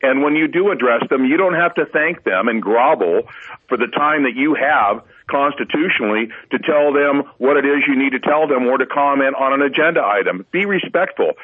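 A man's voice: mid-range voice, lively intonation, normal speed. A man appearing as a guest on political talk radio, speaking emphatically and exhorting listeners. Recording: husky phone-line call-in audio.

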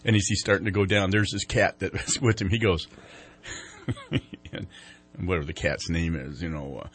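A man's voice: sits low, moderate pace, a bit bright, faint music behind. A man hosting a TV morning show, chatting casually and telling rambling jokes. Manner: joking, rambling storyteller. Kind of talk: casual chat.

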